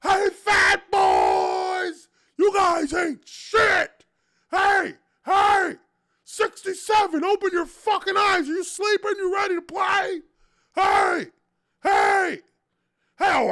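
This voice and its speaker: A man's voice: very high voice, animated, slow, creaky, some chatter behind, pitched above the performer's own voice, exaggerated voice. A man doing a screaming heckler fan. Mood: yelling taunts. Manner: yelling insults. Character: screaming hostile male stadium fan heckling linemen.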